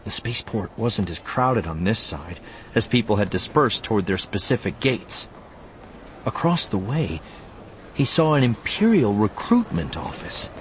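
A man's voice: on the low side, sing-song, unhurried, a little hiss or hum. A man narrating an audiobook expressively, voicing the character lines too.

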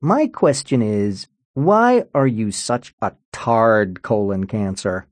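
A man's voice: lowish voice, lively intonation, slow, no room sound. A man doing a mocking schoolyard bully boy.

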